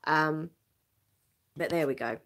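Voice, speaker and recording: A woman's voice: deep voice, slow, fairly bright tone. Chatty Essex woman, laughs a lot. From England. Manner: chatty and self-mocking, laughs often, repeats words when starting sentences. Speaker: live stream host. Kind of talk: casual live stream chat reading viewer comments.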